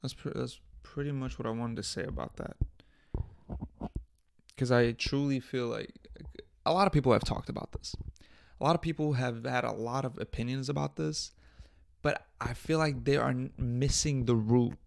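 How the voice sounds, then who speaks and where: A man's voice: medium pitch, moderate pace, creaky. A man hosting his own podcast, talking bluntly and profanely in a casual, exasperated rant. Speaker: podcast host.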